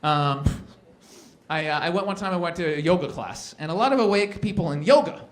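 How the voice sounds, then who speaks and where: The speaker is a man from Canada with a fairly high pitch and a fairly quick delivery. On stage at a live comedy event, he tells stories with animation and impersonates the people involved.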